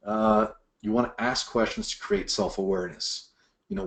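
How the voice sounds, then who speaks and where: A man's voice: medium pitch, moderate pace. A middle-aged man teaching sales managers in a master class, acting out what bosses and reps say. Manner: animated, acts out quoted bosses and reps. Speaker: sales leadership trainer. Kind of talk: presentation-style master class.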